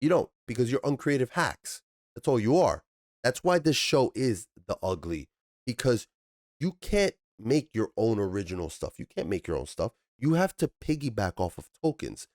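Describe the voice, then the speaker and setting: Man, TV review host, middle-pitched voice, animated and profane, exasperated high outbursts, dry close sound. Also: moderate pace, dry recording. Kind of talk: ranting TV review commentary.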